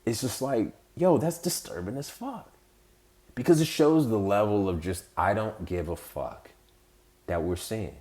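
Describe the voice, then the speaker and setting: A man's voice: lowish voice, lively intonation, a little slow, dark tone. A man hosting a podcast, giving heated, profane, rambling political commentary with mocking quoted voices. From United States. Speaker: podcast host.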